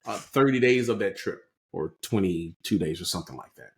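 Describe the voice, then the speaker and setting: A man's voice: sits low, animated, brisk, gravelly. Guy on a podcast, explaining stuff casually, keeps saying right?. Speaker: podcast co-host. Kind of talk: casual political chat.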